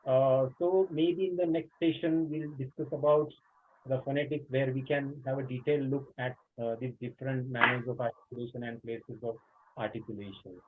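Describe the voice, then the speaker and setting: A man's voice: medium pitch, steady tone, moderate pace, noisy background. A man giving a webinar lecture to teachers, explaining patiently with many "uh" fillers. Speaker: teacher trainer. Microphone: video call. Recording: tinny phone-like online call audio.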